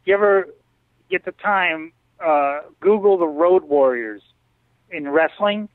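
A man's voice: a little high, unhurried, no echo. A man telling stories as an interview guest over a video call, acting out what people said. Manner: animated storyteller, acts out others' lines. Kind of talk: storytelling in a casual interview. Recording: dry tinny call audio.

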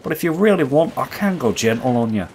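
Quick-paced and animated, this host's mid-range, slightly mellow voice sounds natural as he plays a crude, taunting gamer and trash-talks through gameplay. He uses a put-on accent he acknowledges isn't his own, and the talk is foul-mouthed and brash. A little hiss or hum sits in the recording.

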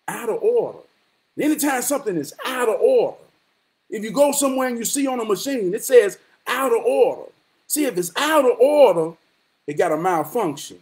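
A man holds forth in a casual, sermon-like monologue, looping back on his own phrases and swearing freely. His voice sits high for a man and swings widely up and down as he drives each point home. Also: darkish tone, low-quality recording. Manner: profane, repetitive, rhetorical, street-preacher cadence. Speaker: vlogger giving life talks.

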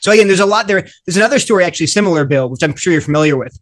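A man, a guest author in a panel discussion, explaining with lively, acted-out quotes. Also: high-pitched, rapid-fire.

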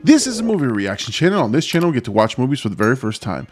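A man hosting a movie reaction channel, talking in an energetic, chatty way. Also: mid-range voice, very fast, breathy edge. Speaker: host.

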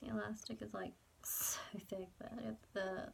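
A woman talking casually to viewers while unboxing a doll, chatty and rambling, often dropping to a soft whisper. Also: mid-range voice, little pitch movement, normal speed, gravelly, a little hiss or hum. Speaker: doll collector vlogger.

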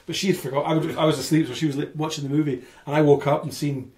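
A man in his forties with a Canadian accent, telling stories as a podcast guest in an animated, chatty way. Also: on the high side, racing. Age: 40s. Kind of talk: casual chat.

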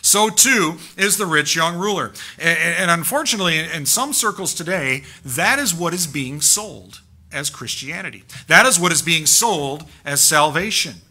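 A man preaching a sermon as pastor in a church, emphatic and animated, firing off rhetorical questions. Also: on the high side, normal speed, husky. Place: church sanctuary.

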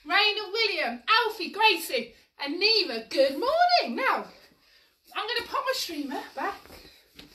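A very high, bright woman's voice swoops up and down as she cheerfully coaches little children through stretches and jumps. She sounds a little away from the camera, in an echoey room at home. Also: sing-song, measured pace, slight background noise. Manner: cheery, encouraging, sing-song instructions to small children. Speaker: children's exercise class leader. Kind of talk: live-streamed toddler movement class. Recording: echoey room, mic at a distance.

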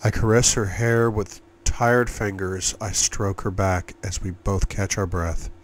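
A man with a fairly low voice reads an audiobook aloud in the first person. His delivery is intimate and measured, and he keeps an even, unhurried pace. He sounds like a steady storyteller. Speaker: audiobook reader. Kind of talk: audiobook narration.

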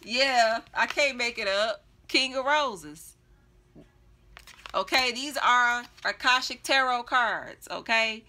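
A woman's voice: on the high side, slow pace, bright, forceful tone. A woman giving a casual tarot reading, chatty and blunt, laughing often and swearing freely. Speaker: tarot reader.

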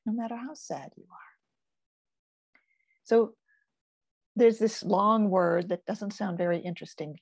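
An older woman teaching in a gentle, soothing manner, sometimes dropping to a soft whisper. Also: mid-range voice, no room sound. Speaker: focusing teacher. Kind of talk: gentle guided teaching talk.

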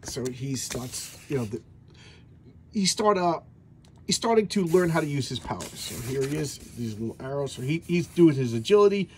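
Brief: laid-back male collector flipping through a back issue, mid-pitched, loose and rambling, faint hiss behind. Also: sing-song, normal speed, darkish tone. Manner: rambling, many restarts and fillers. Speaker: comic book collector vlogger. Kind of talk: casual comic review chat.

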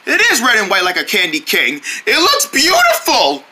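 A performer voicing a group of excitable young deer friends in a homemade cartoon, switching between several playful voices. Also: medium pitch, normal speed, noisy background. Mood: curious.

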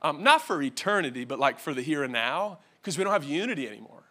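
Bright-voiced joking pastor preaching to a church. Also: male voice, a little high, sing-song, fast. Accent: Californian American. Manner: joking, conversational, asks the crowd questions. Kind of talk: humorous sermon. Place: church stage.

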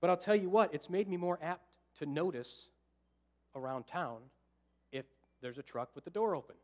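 A male pastor preaches at a moderate pace in a bright, high-pitched voice, telling a story with lively energy in a church sanctuary. Animated throughout, he acts out his own thoughts and jokes with the congregation.

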